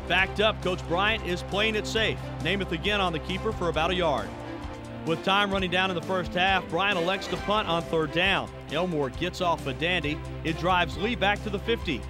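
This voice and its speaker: High-voiced man narrating football highlights. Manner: brisk play-by-play delivery. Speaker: sports narrator. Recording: narration over loud music.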